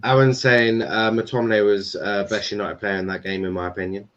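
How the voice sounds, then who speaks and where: A man's voice: lowish voice, flat delivery, fairly quick, muffled recording, crowd noise. A man hosting a live football stream, chatting casually with loose banter, swearing and restarts. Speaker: stream host.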